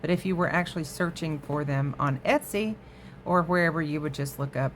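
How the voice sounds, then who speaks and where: A woman's voice: deep voice, a little fast, a little hiss or hum. A woman hosting a crafting vlog from her home craft room, chatting casually to viewers and easily sidetracked. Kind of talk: casual show-and-tell chat.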